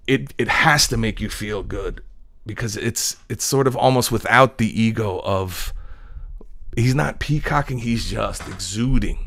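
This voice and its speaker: A man's voice: fairly low pitch, no echo, clean studio sound. A man talking in a casual monologue, telling a film story in an earnest, rambling way, full of restarts. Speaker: host.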